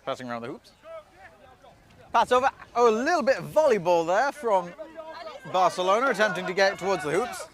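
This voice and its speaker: A man giving solo live play-by-play commentary beside an outdoor pitch, chatty and self-deprecating, often losing track of team names. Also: sing-song, a little fast, pauses often, some chatter behind. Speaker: sports commentator.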